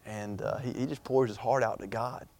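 A man's voice: medium pitch, fairly even intonation, normal speed, darkish tone, no room sound. A young man preaching an informal sermon in a chatty, rambling way, full of fillers and restarts.

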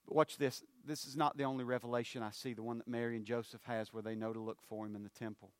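A man, preaching a sermon. His loud, rising appeals drop to low, hushed phrases. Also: flat delivery, fast, clear, resonant tone, no echo.

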